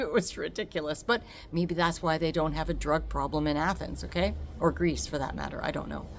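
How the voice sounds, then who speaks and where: A woman telling a personal story on her vlog, emotional and expressive, laughing often. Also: deep voice, fairly quick, gravelly, few pauses, a little hiss or hum. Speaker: vlogger.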